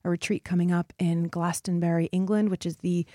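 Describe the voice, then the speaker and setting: A woman's voice: lowish voice, little pitch movement, brisk, dark tone, dry recording, studio quality. A woman hosting a motivational solo podcast, speaking to her listeners in an earnest, encouraging way. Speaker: podcast host.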